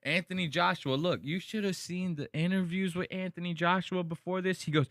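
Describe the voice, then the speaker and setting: A man's voice: a little fast, hardly any pauses, dry recording, clean studio sound. A man hosting a casual podcast, talking over fight clips, swearing a lot and mimicking people. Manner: animated, profane, mimics people in high voices. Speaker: podcast host.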